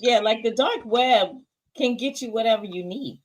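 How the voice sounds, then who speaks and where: A woman co-hosting a casual TV review chat, chiming in with quick agreement and mild exasperation. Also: on the high side, poor audio. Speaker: co-host of a TV review show.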